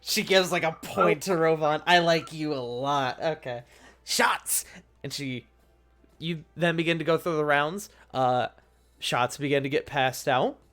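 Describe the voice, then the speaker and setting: A man's voice: fairly high pitch, measured pace, fairly bright tone, faint music behind. A man narrating a tabletop game as game master, in loose, rambling narration with frequent restarts.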